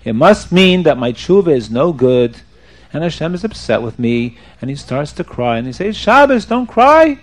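A man telling a story to children, animated and checking that his young listeners are following along. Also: medium pitch, normal speed.

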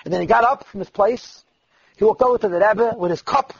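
Gravelly, husky high-voiced male storyteller. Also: fairly quick, long pauses, no echo. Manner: lively storyteller who voices the people he quotes. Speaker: storyteller at a religious gathering. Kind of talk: sermon-like storytelling. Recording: dull lo-fi dry recording.

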